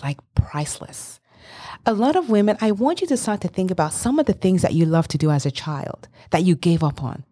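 Fifties woman, life-coach guest; lively rising delivery, a touch husky, motivational. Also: fairly low pitch. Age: 50s. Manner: enthusiastic, emphatic, laughs often. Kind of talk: interview guest, motivational talk.

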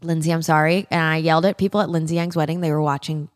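A woman's voice: sits low, steady tone, fast talker, long reverb tail. A young woman co-hosting a casual podcast, reacting emphatically and swearing freely. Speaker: podcast co-host. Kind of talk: casual chat.

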